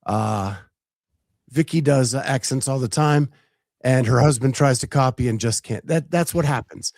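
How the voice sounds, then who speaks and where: A man's voice: mid-range voice, normal speed, vocal fry, darkish tone, no echo, studio quality. A man hosting a casual talk show, chatting loosely with plenty of fillers and restarts. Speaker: podcast host. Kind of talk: casual chat.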